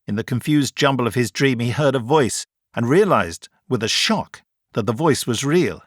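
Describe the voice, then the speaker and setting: A man's voice: mid-range voice, lively intonation, normal speed, dry recording, clean studio sound. Man narrating an audiobook.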